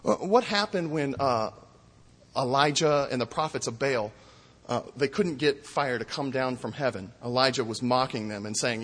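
A man preaching a sermon with an emphatic, mocking delivery that swings between loud exclamations and hushed asides. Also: medium pitch, moderate pace, long reverb tail. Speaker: pastor.

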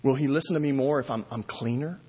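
A man preaches a sermon to his congregation, retelling stories at an uneven pace and acting out the cries for help. His voice is a little husky. It carries a long reverb from a large church hall. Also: medium pitch, fast talker, a little mellow. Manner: storytelling preacher, varies pace, acts out cries. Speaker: pastor.

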